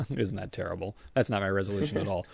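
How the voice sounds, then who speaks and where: A man's voice: low voice, fairly quick, vocal fry, a little mellow, a little hiss or hum. A man in casual podcast chat, self-deprecating and acting out his own grumbling thoughts. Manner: self-deprecating, acts out grumbling inner voices.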